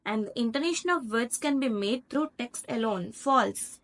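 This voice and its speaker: A woman's voice: fairly high pitch, lively intonation, normal speed, a bit bright. A woman with an Indian English accent, a lecturer methodically walking through lesson slides and repeating key points.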